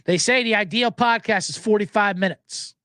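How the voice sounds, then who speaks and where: A man's voice: high-pitched, moderate pace, pushed and bright, no echo, clean studio sound. A man hosting a sports betting podcast, ranting in a casual monologue, swearing and acting out voices as he quotes people.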